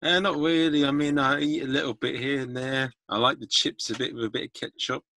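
Man, podcast host, casual banter, self-mocking, sharp bright tone. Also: medium pitch, fairly even intonation, a little fast. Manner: joking, self-mocking, rambling. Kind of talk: casual chat.

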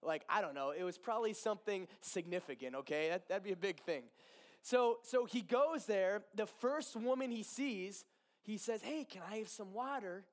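A man's voice: high-pitched, moderate pace. Chatty man retelling a Bible story. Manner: animated, chatty, with fillers and asides. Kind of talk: casual sermon storytelling.

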